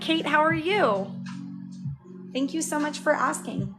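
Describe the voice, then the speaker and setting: A woman's voice: high voice, lively intonation, measured pace, fairly bright tone, poor audio. A woman livestreaming a casual drawing tutorial. She explains each step aloud and chats with viewers, thanking them by name. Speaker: livestreaming cartoon artist. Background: music playing.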